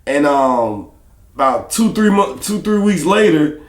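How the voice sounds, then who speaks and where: Male rapper guest, slightly high voice, lively laughing storyteller, echoey room. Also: a little slow. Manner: animated, laughing storyteller who acts out other people's lines. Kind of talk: casual storytelling interview.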